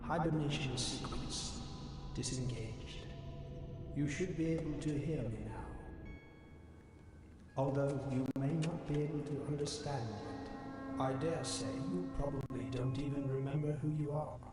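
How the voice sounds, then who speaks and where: An actor playing a calm man who wakes a sleeper, speaking slowly and formally. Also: fairly high pitch, natural voice. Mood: solemn. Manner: slow, measured, formal. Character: calm male voice waking a sleeper. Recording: echoey game audio with loud music.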